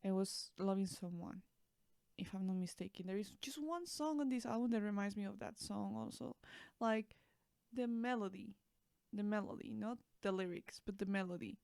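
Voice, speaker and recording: A young woman reacting to an album in a casual vlog, gushing and excitable, rambling with fillers and restarts. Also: mid-range voice, normal speed, vocal fry, clean tone, no room sound, clean studio sound. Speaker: music reaction vlogger.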